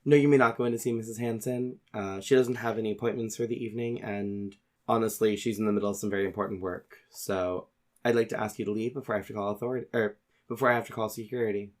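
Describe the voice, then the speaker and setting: A man voicing a stern older woman at a reception desk, brisk and firm as she turns visitors away. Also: lowish voice, steady tone, close to an everyday voice. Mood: curt.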